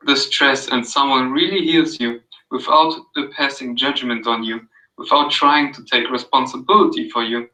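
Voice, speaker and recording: A man with an accent reads a reflective passage in a slow, soothing, meditative voice. His tone is bright and forceful. The sound is roomy and comes from a little way off the mic, like an echoey remote call. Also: mid-range voice, distant mic. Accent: non-native English. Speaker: guest. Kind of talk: reading a passage aloud on a call-in show.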